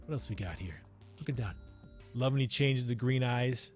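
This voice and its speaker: A man's voice: mid-range voice, moderate pace, a little mellow, faint music behind. A man hosting a movie review channel, talking casually and enthusiastically straight to his viewers and often checking in with "right?".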